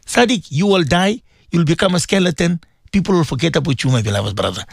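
A man preaching on the radio, impassioned and repetitive, swinging from low murmurs to high cries. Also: animated, quick pace, vocal fry, no echo, studio quality. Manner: repetitive, emphatic. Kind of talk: radio sermon.

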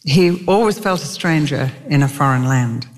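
A woman's voice: low voice, lively intonation, moderate pace, big-room sound. An older woman preaching a sermon, telling stories earnestly and with emphatic conviction.

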